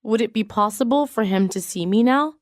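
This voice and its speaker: A woman reading business English sentences aloud in a measured, clearly enunciated way. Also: on the high side, no room sound, clean studio sound. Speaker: English phrase reader. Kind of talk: slow read-aloud example sentences.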